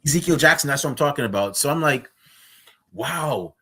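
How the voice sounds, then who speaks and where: A man's voice: on the high side, lively intonation, rapid-fire, pushed and bright. A man from Guyana hosting a casual interview who tells a personal story in a conversational way. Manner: conversational, retells stories with acted-out quotes. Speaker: interview host. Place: streamed remote interview.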